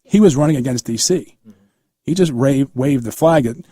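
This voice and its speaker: Man, 50s, radio host, chatty storyteller, husky, dry studio sound. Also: medium pitch, moderate pace, dark tone, dry recording. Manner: conversational storyteller, acts out quoted dialogue. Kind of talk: casual political talk radio.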